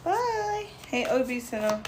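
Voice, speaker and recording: A woman's voice: sits high, sing-song, a little slow, darkish tone. A young woman chats loosely on a live stream, greeting viewers and laughing a lot. She is blunt and unfiltered, and a faint hiss of background noise sits under her voice. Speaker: livestream tarot reader. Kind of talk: casual live-stream chat.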